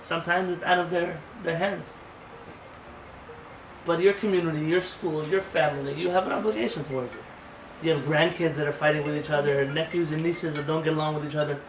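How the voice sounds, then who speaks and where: With a fairly high pitch and a steady tone, the rabbi moves fairly quickly through his informal lesson, speaking conversationally and with emphasis while asking rhetorical questions. The sound is roomy and slightly noisy from a far-off microphone.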